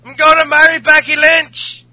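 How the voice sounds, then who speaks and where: A man voicing a drunk, crude Irish wrestler in a mock Irish accent, slurring and shouting. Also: very high-pitched, completely flat delivery, moderate pace, no echo, pitched above the performer's own voice, exaggerated voice. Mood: drunk bragging.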